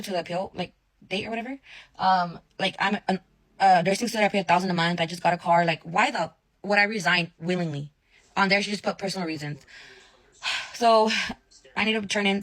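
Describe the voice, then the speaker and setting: A woman's voice: on the low side, fairly bright tone, poor audio. A young woman telling a story in a casual rant, blunt and swearing often, acting out both sides of her conversations.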